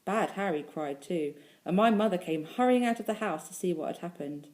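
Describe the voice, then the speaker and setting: A woman's voice: on the low side, lively intonation, fairly quick, darkish tone. A female primary school teacher reading a storybook aloud expressively, stopping to talk to the children listening.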